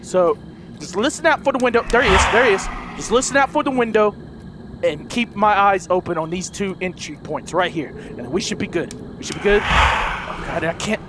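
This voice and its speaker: A man's voice: sits high, animated, moderate pace, very noisy. A young man doing let's play commentary through a horror game, panicking, swearing and repeating himself. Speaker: gaming video host.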